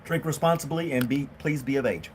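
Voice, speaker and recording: A man with a brisk, mid-range voice and a darkish tone runs a casual home livestream. He chats with viewers, reads out their comments and jokes around, often laughing at his own jokes. Slight background noise is audible.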